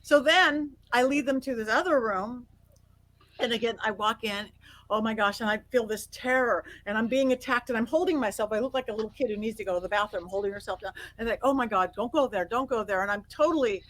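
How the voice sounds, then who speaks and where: A middle-aged woman guest on an interview, telling stories in an animated way, acting out quotes and laughing often. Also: fairly high pitch, fast talker, poor audio. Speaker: guest psychic medium. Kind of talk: casual interview storytelling.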